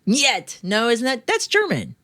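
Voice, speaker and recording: A woman hosts a finance chat show in a loose, joking way, tossing off quick asides between her tips. Her voice sits at an ordinary middle pitch. The recording is close and dry, with no room sound. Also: lively intonation, a bit bright, no room sound. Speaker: show host. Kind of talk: casual radio-show chat.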